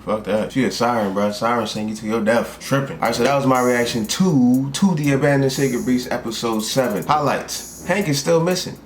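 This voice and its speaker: A young man from South Carolina, reacting to an anime in casual, excitable and profane commentary from a room at home. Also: mid-range voice, normal speed, hardly any pauses. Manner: excitable, profane, animated outbursts. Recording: roomy echo, faint background hiss.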